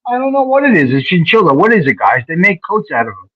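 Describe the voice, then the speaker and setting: A man calling in to a livestream, talking loudly and excitably and laughing often. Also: sits high, fast talker, no echo. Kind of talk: casual livestream chat. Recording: dull lo-fi call audio.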